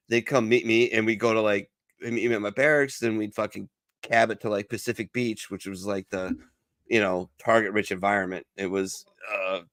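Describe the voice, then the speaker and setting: A man with a fairly low voice, swapping profane barracks stories in loose, casual chat. His voice sits close and dry on the mic, and he drops into quoted voices as he tells them. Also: a bit bright, dry recording. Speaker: veteran podcast co-host.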